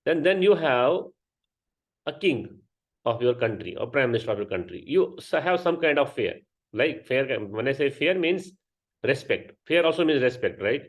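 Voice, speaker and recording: A man's voice: medium pitch, sing-song, moderate pace. A man teaching a grammar class, explaining step by step and often checking with students. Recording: dull lo-fi sound.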